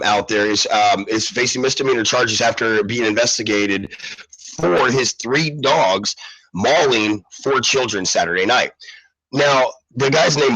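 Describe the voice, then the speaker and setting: A sick man hosting a live talk show, rambling through the news with lots of restarts and ums. His voice sounds husky and slightly rough. The recording is dry and close. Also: mid-range voice, bright, forceful tone, dry recording, low-quality recording. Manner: rambling, many restarts and fillers. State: sick, under the weather.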